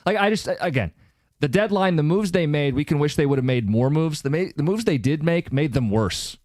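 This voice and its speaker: A man's voice: a little high, expressive, a little fast, darkish tone, no echo, studio quality. A man hosting sports talk radio, emphatic, his voice jumping up to drive points home. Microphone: studio microphone.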